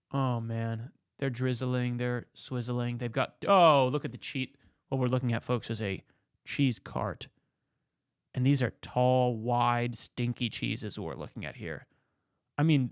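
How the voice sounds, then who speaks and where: Brief: excitable male host doing comedic commentary, gravelly voice. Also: medium pitch, dry recording, clean studio sound. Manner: excitable, jokey riffing.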